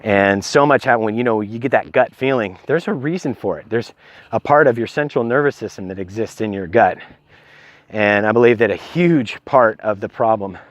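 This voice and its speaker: A man's voice: fairly low pitch, dry recording. A middle-aged man rambling casually into a handheld phone, with many ums, and short of breath. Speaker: vlogger sharing health advice. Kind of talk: casual filmed talk. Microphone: handheld phone on a stabilizer.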